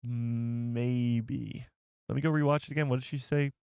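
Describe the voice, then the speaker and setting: A man's voice: on the high side, level tone, rapid-fire, a little mellow, clean tone, no room sound. A young man hosting a casual livestream, reading viewer comments aloud and laughing at himself. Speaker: livestream host. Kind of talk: casual live chat.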